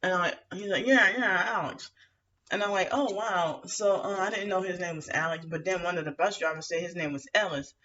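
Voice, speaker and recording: A woman vents to camera in a rambling, indignant monologue, stopping and restarting her sentences and leaning on fillers. Her tone is bright and edgy. The sound is muffled and lo-fi, and she sits some distance from the mic. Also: fairly low pitch, fairly even intonation, fairly quick, hardly any pauses. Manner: aggrieved, indignant. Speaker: vlogger.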